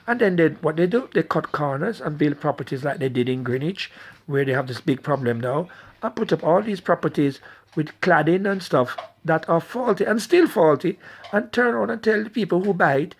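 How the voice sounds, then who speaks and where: A man's voice: fairly high pitch, fairly quick. A middle-aged man delivering a blunt, angry political rant straight to his viewers. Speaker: political commentator.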